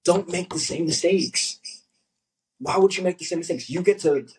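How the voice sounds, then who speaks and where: A young man, a coach, chatting casually on a podcast, telling animated stories and acting out what people said. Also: high voice, moderate pace, husky, low-quality recording. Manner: animated storytelling, acts out quotes.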